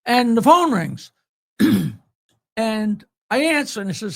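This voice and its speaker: An older man hosting a podcast, telling stories in a casual, animated way and loudly acting out the people he quotes. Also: high-pitched, slow, gravelly. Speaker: podcast host. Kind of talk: casual storytelling chat.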